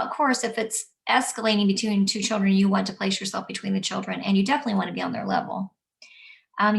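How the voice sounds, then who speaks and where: Calm woman teacher with a gravelly voice. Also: medium pitch, recorded from a distance. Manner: calm, gentle, acts out what she says to children. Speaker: early childhood teacher. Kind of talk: instructional talk. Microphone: camera mic at a distance.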